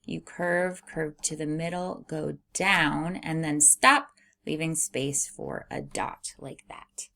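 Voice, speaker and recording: Slow, sing-song woman teaching reading. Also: deep voice, sing-song, vocal fry, bright, forceful tone. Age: adult. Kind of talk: early reading lesson.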